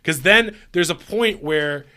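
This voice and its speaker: Co-host, male, bright and a touch high, rambling comic recap. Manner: rambling retelling, acts out lines in quick voices. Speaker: podcast co-host. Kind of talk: casual comedic chat.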